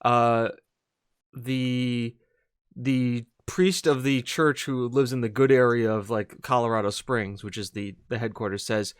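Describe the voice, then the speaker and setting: A man's voice: mid-range voice, a little fast, a bit bright, no echo, clean studio sound. A man co-hosting a casual video game podcast, talking in a rambling, hesitant way with lots of fillers and restarts. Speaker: podcast co-host. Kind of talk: casual gaming podcast chat.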